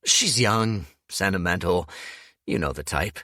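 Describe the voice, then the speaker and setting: A male narrator voicing a sly young man who talks smoothly and plays innocent, as an audiobook character. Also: low voice, expressive, a little slow, sharp tone, no echo, studio quality, full character voice. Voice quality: smooth, wheedling.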